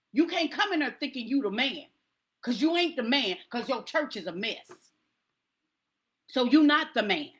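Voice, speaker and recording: A woman preaching to a congregation in an emphatic, repetitive rallying cadence. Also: high voice.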